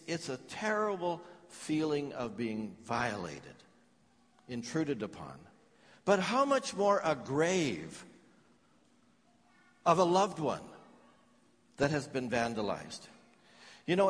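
A man preaching a sermon as pastor, telling stories earnestly with pauses and restarts. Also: medium pitch. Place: large church hall. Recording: long hall reverb.

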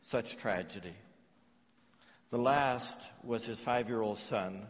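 A man preaching a sermon as pastor, telling stories earnestly with pauses and restarts. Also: on the low side. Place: large church hall. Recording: long hall reverb.

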